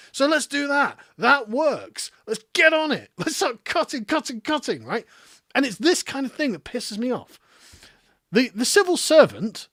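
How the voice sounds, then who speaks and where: Middle-aged English streamer, high lively voice, dry close sound; sarcastic, swearing political rant. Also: male voice, no echo. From England. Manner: profane, sarcastic, exasperated, laughs mid-sentence. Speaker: political commentary host.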